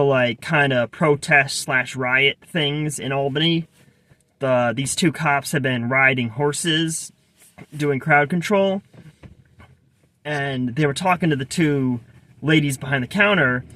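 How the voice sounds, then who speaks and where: Bright-voiced man rambling through a story. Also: a little high. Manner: rambling, many restarts and asides. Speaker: vlogger. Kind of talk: casual personal storytelling.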